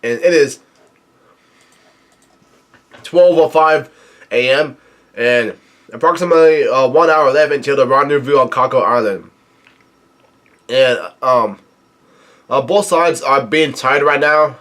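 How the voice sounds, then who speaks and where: A man reading a comic chapter aloud and commenting as he goes, hesitant with many fillers and easily excited. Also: mid-range voice, unhurried, pauses often. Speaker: manga reviewer. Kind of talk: casual read-through commentary.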